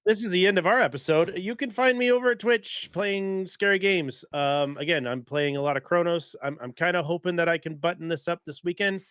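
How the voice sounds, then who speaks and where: A man's voice: sits high, fairly quick, hardly any pauses, a bit bright, clean tone, no echo, clean studio sound. A man hosting a casual gaming podcast, upbeat and loose, laughing often as he talks. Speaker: podcast host.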